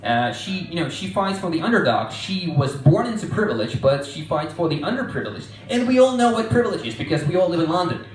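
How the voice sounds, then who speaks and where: Animated man ranting on a comedy stage. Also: on the high side, fast, hardly any pauses. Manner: animated, sarcastic, exasperated. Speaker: stand-up comedian arguing a mock court case. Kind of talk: live comedy rant. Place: live comedy venue in a room. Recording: roomy hall sound, mic at a distance.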